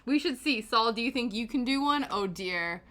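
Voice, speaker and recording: Casual streamer woman from Canada, self-mocking and quick to laugh; lively pitch, crisp bright tone. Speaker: livestream host. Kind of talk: casual chat while knitting.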